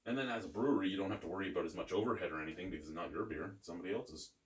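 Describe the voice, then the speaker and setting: A man's voice: sits low, very fast, roomy sound, recorded from a distance. A man hosting a casual beer review, rambling and joking with the odd swear word.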